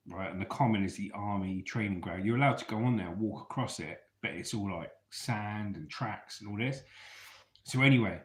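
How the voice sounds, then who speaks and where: A man's voice: on the low side, reverberant. A man from England, telling stories casually in a chatty, laddish way and swearing freely. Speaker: storyteller host. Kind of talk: casual storytelling.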